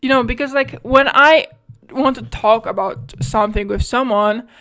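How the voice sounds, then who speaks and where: Young woman, podcast monologue, rambling and candid, swears a lot, slightly raised pitch. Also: normal speed, fairly bright tone. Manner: rambling and candid, heavy use of "like", swears freely. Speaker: podcast host. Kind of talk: casual solo podcast monologue.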